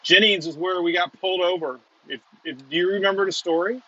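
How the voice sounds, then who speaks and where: A man hosts a storm-chasing livestream from a moving car, rambling and chuckling through casual chat. His voice is high and sharp and he talks fast, though the recording sounds muffled.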